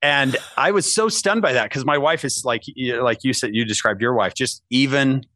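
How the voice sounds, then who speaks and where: Male guest, average pitch, chatty storyteller full of asides, close dry recording. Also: normal speed, no room sound. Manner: animated, self-mocking anecdote teller; many restarts and asides like "right?". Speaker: podcast guest. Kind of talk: casual storytelling.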